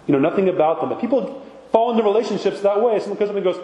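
A man's voice: high voice, expressive, racing, mellow, highs cut off. A man, an Orthodox priest, giving an informal sermon talk, conversational and full of rhetorical asides. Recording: echoey hall with long reverb.

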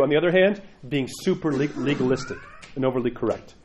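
Fast-talking priest giving a lively sermon. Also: male voice, a little high, lo-fi sound. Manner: acts out inner voices in quotes; conversational, often adds "right?". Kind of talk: teaching talk to a congregation.

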